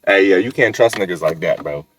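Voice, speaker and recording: A man's voice: low-pitched, lively intonation, a little fast, a bit bright, husky. A man giving casual, joking, slang-heavy reaction commentary. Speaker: reaction host.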